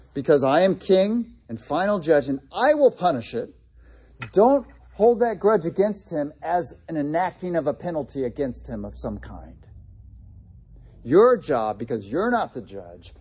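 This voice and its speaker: A male pastor delivering a sermon in a mellow, slightly husky voice. He preaches earnestly and repeats short phrases for emphasis. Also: on the high side.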